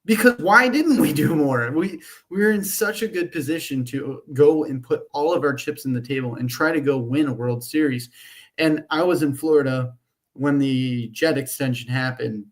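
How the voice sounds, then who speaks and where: A man co-hosting a sports podcast, his voice sitting at an ordinary middle pitch. He vents in a long, frustrated rant and swears freely as he complains. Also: normal speed. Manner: frustrated, profane ranting. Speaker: podcast co-host. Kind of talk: heated sports talk.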